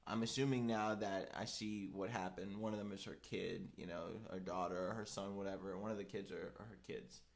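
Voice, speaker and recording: Low-voiced and brisk, a young male podcast co-host rattles through a story with hardly any pauses. It's casual, animated chat in which he plays out each quoted person, and "like" turns up again and again.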